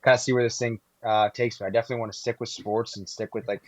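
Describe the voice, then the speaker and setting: A man's voice: lowish voice, level tone, very fast, no room sound. A young man, recently graduated, talking steadily and earnestly as a podcast guest. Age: young adult. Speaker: guest, YouTuber. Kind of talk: casual podcast chat.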